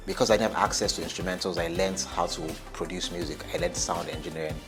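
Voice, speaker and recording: A man, a company chief executive, reflectively telling his story in an interview. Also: deep voice. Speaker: company CEO. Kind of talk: interview testimony. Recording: music bed behind voice.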